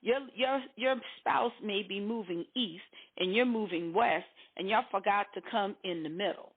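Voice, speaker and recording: Animated woman co-host, tinny audio. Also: medium pitch, moderate pace, husky. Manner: preachy, animated, acts out quoted voices. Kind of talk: casual talk show chat.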